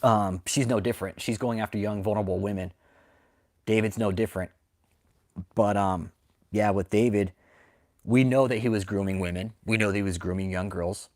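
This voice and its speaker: A man hosting a livestream, ranting angrily and swearing, with sudden loud outbursts as he answers the chat. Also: lowish voice, fairly even intonation, normal speed, pauses often. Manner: reads and answers live chat. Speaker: livestream host. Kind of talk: profane livestream commentary.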